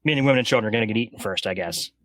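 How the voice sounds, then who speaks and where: A man's voice: lowish voice, rapid-fire, dry recording. A man co-hosting a horror podcast, chatting eagerly and a bit profanely about films. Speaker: podcast co-host. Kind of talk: casual chat.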